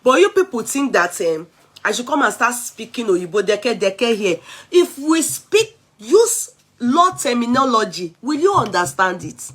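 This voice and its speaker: A woman's voice: fairly high pitch, big pitch swings, measured pace, a bit bright, husky. A woman from Nigeria with a Nigerian English accent, chatting casually on her vlog and mixing in Yoruba and pidgin. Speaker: vlogger. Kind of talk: casual chat.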